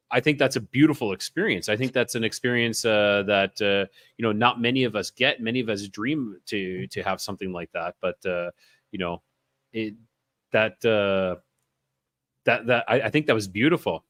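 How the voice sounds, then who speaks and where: A man's voice: fairly low pitch, normal speed, fairly bright tone, dry recording. A man co-hosting a call-in show, talking casually and reassuringly while often repeating himself. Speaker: co-host. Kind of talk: casual talk show chat.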